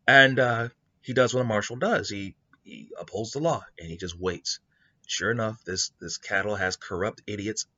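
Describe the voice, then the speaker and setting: Deep-voiced man rambling through a story. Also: bright, forceful tone. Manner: rambling, with many fillers and restarts. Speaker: storyteller pitching a story idea. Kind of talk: casual spoken story pitch. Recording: dull lo-fi recording.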